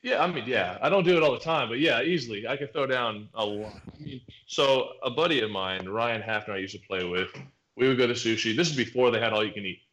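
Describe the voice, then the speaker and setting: A man's voice: mid-range voice, quick pace, fairly bright tone, dull audio. A man in his thirties, a podcast guest, talking in a laid-back, rambling way with lots of fillers. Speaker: podcast guest, pro baseball pitcher. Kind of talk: casual chat. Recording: roomy echo.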